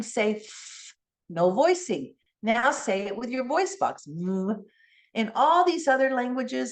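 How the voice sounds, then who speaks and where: A middle-aged woman delivers a conference keynote in a slightly high voice. Teacherly and animated, she coaches the audience through speech sounds.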